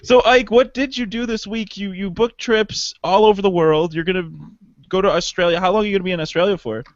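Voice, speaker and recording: A man co-hosting a casual podcast, telling travel stories with lively pitch jumps and mimicked voices. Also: a little fast, no echo, lo-fi sound. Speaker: podcast co-host. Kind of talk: casual chat.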